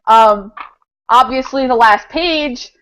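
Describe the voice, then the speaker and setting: A woman's voice: a little high, slow pace, fairly bright tone, clear, resonant tone, rough recording. A woman co-hosting a casual podcast, talking enthusiastically about a comic book, laughing often and filling her speech with "like" and "um". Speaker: podcast co-host.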